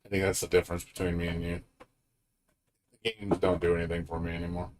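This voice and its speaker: Over some background noise, a man with a low voice talks at a quick pace in a level tone. He streams games and chats casually, laughing, swearing plenty, and wandering from thought to thought.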